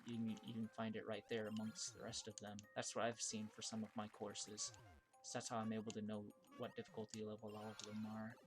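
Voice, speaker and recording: A man's voice: brisk, music in the background. Chatty man streaming a platform game. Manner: chatty, thinks aloud with many restarts and fillers; bursts of high excitement at surprises. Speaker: streamer playing viewer-made levels. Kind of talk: casual live-stream gameplay commentary.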